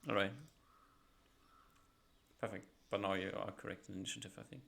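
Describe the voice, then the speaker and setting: A man's voice: lowish voice, level tone, a little fast, gravelly, a bit bright. A man narrating as game master in a tabletop role-playing session, describing scenes loosely with many fillers. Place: home setup, live stream.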